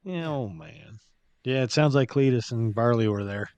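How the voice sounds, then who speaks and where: A man hosting a podcast in an easygoing, joking way. His voice sits at a middle pitch. The recording is dry and close. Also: normal speed, darkish tone, clean tone, no room sound, lo-fi sound. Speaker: podcast host. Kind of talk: casual chat.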